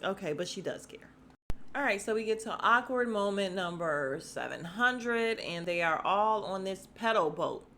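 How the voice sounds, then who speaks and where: A woman hosting a casual recap podcast, talking in a chatty, sassy way. She drops into short mimicking asides and keeps a loose, conversational flow. Her voice sits at a middling pitch for a woman. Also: animated, moderate pace, pushed and bright, a little hiss or hum. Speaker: podcast host recapping a reality show.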